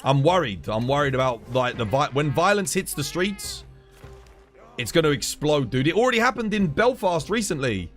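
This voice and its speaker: British male streamer, heated sweary rant, animated delivery, soft music behind. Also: a little high, moderate pace. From United Kingdom. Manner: heated, swears a lot, keeps saying "dude". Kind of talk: casual live-stream rant.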